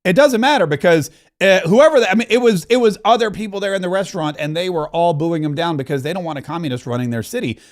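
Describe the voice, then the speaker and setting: Middle-aged male host, high-pitched voice, emphatic and rambling commentary. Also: quick pace, hardly any pauses. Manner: emphatic, rambling, self-correcting. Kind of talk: opinionated talk-show monologue.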